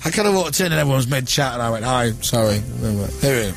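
A man's voice: mid-range voice, very fast, creaky, faint music behind. A man, hosting a radio show and telling a story in casual, self-deprecating on-air chat, acting out what other people say. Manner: self-deprecating, animated storytelling with acted-out quotes.

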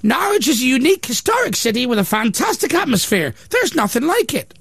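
Shrill falsetto pub landlady, prim and defensive; male host putting on the voice. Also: big pitch swings, a little fast, vocal fry, a bit bright, slightly rough, dry recording, clean studio sound, heavily acted. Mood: indignant. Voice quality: high falsetto.

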